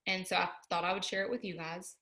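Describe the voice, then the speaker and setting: A woman's voice: lowish voice, level tone, fast talker, sharp tone. A young woman giving an earnest, chatty motivational talk, full of "like" and "y'all.". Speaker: motivational speaker.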